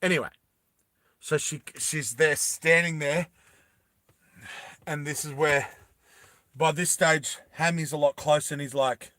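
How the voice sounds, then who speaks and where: A young man retells a movie scene by scene in a loose, animated way, laughing often and acting it out. His voice is bright and forward, and he takes his time. The sound is close and dry. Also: a little high, measured pace, long pauses, dry recording. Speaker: storytelling vlogger. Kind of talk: casual movie recap storytelling.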